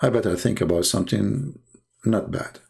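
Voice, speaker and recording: Here a host with a lowish, creaky, slightly mellow voice talks at a normal pace with plenty of expression. He's from the Arab world, Arabic is his first language, and his accented English carries sarcastic, mocking live-stream commentary packed with fillers and restarts.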